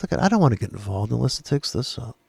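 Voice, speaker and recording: A man's voice: medium pitch, sing-song, quick pace, gravelly, a little mellow, husky, no room sound. A man giving casual chart commentary, blunt and profane, rambling with sarcastic asides. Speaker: trading educator.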